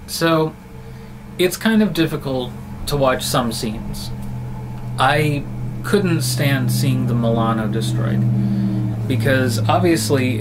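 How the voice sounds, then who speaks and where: A man's voice: mid-range voice, noisy background. A man talking casually and fondly in a film review vlog, rambling and restarting his sentences. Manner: chatty, fond and rambling, with frequent restarts.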